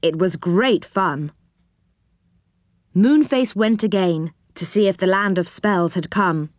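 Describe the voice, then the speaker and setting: A woman reading a children's storybook aloud in a gentle, measured way. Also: on the low side, no echo, clean studio sound. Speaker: narrator.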